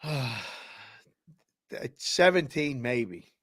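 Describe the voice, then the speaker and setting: A man's voice: mid-range voice, lively intonation, extremely slow, fairly bright tone, no echo, studio quality. Wry, teasing man on a betting podcast. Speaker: co-host. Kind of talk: casual sports betting chat.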